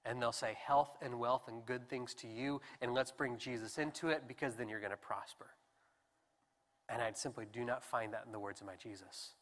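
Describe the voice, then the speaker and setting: Male pastor, young adult, bright voice, lively conversational sermon, long church reverb. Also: mid-range voice, normal speed. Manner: animated, conversational preaching with restarts. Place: church sanctuary.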